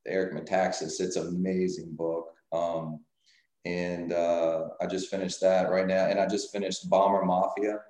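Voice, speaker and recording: A man's voice: low voice, level tone, normal speed, darkish tone. A man as a podcast guest, chatting casually and eagerly, with fillers. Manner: enthusiastic, hesitant with fillers. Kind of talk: casual interview chat. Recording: roomy echo.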